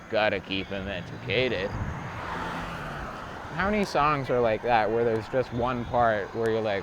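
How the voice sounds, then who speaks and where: A man's voice: on the low side, unhurried, fairly bright tone, dull audio, a little hiss or hum. A man rambling to himself in a profane, absurd stream of thought while cycling outdoors on city streets. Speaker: vlogger.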